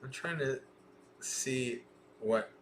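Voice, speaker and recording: A man reading a Buddhist sutta aloud on a livestream and pausing to explain it in a thoughtful, questioning way. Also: mid-range voice, slight background noise. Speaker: Dhamma teacher.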